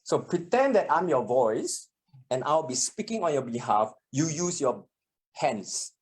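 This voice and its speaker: A public speaking trainer leads a live workshop from a meeting room while others join by video call. The voice is middle-pitched but swings widely, a little slow and animated, acting out example sentences.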